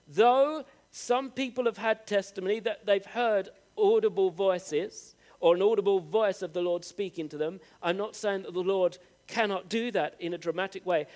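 A man's voice: high-pitched, darkish tone. A man preaching a sermon, speaking earnestly and directly to his congregation, stretching out key phrases for emphasis. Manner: rises with emphatic, drawn-out phrases.

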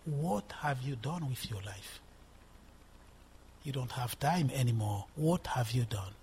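A preacher voicing a nagging, accusing inner voice. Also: male voice, medium pitch, lively intonation, takes it slowly, a little mellow, slight background noise, pitched below the performer's own voice. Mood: reproachful.

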